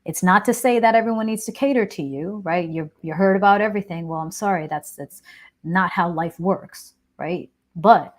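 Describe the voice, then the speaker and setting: A woman's voice: on the low side, moderate pace. A woman hosting a live Q&A, giving advice in a casual, frank and chatty way, often checking in with "right?". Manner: frank, expressive, explanatory. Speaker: host answering viewer questions. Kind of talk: live-stream Q&A advice talk.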